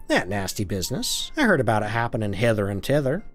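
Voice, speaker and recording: A man's voice: on the low side, huge pitch swings, quick pace, soft background music. A man voicing a flirty, saucy middle-aged lady with a put-on Southern US accent, drawling and theatrical. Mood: flirtatious.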